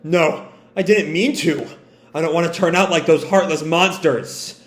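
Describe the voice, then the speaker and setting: A man's voice: fairly high pitch, a little slow, lightly acted. A man voicing a troubled young male fighter, desperate and pleading, read aloud from a comic. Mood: panicked. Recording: roomy echo.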